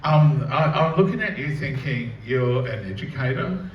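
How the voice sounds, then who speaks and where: A man's voice: medium pitch, lively intonation, moderate pace. A man hosting an interview, responding in an appreciative, reflective way. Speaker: host. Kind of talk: interview chat. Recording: dull, distant, echoey with faint noise.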